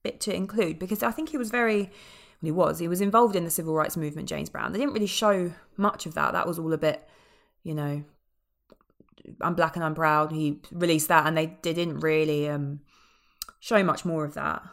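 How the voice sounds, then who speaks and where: Animated woman reviewing a film. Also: low-pitched, fairly quick, gravelly. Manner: animated, swearing, many fillers. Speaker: podcast co-host. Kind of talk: casual film review chat.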